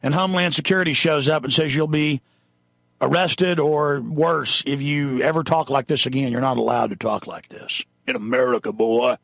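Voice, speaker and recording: A man hosting talk radio, ranting in an indignant, impassioned monologue. His voice sits a bit high, with a gravelly fry and a sharp, forceful edge. The sound is dry and a little dull, like a close studio mic. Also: lively intonation, moderate pace, no room sound. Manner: ranting, indignant, reads news items aloud. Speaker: radio talk show host.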